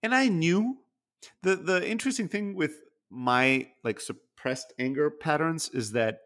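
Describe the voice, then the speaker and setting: A man's voice: fairly high pitch, measured pace, fairly bright tone. A man co-hosting a podcast, talking candidly and introspectively in casual chat, swearing freely. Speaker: podcast co-host.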